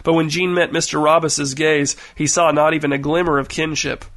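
A man narrating an audiobook, his voice sitting a little higher than most men's. He tells the story in an even, wry way. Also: brisk.

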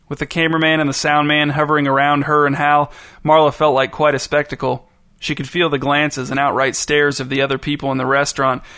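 A man reading a story aloud in a measured, deadpan narration. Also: medium pitch, no echo, studio quality. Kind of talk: scripted narration.

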